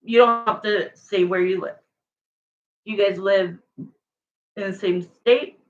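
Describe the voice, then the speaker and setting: A woman's voice: mid-range voice, fairly even intonation, slow, lo-fi sound. A woman doing a casual livestream tarot reading, chatty and rambling, often stopping to correct herself while answering viewers. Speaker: tarot reader.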